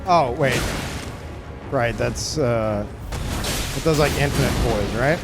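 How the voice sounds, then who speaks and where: A man's voice: mid-range voice, slow pace, over loud music. A young man streaming live gameplay, ranting in exasperation, laughing and swearing as he plays.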